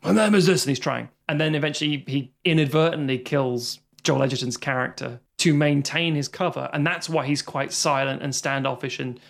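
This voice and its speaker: A man from Britain co-hosting a casual film review podcast, swearing freely and briefly acting out characters in quick asides. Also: mid-range voice, fairly even intonation, gravelly, fairly bright tone. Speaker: podcast co-host.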